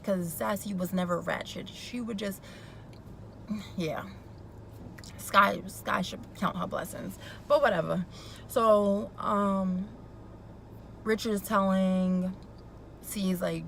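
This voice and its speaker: A woman's voice: medium pitch, takes it slowly, creaky, long pauses, fairly bright tone, a little hiss or hum, low-quality recording. A young woman casually recapping a TV episode, gossipy and opinionated, with chatty asides. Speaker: YouTube recap vlogger.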